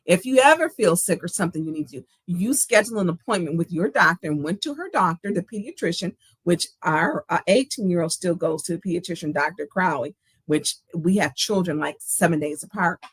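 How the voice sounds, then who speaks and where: A woman's voice: lowish voice, expressive, fairly quick, slightly rough, no room sound. A middle-aged woman hosting a livestream talk show, speaking earnestly and with emphasis from her own life and reading out viewer comments.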